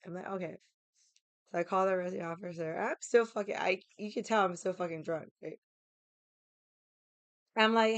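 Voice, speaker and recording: A woman's voice: medium pitch, clean tone, no echo. A young woman casually telling a story, laughing often, swearing freely and acting out the voices of the people she quotes. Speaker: vlogger.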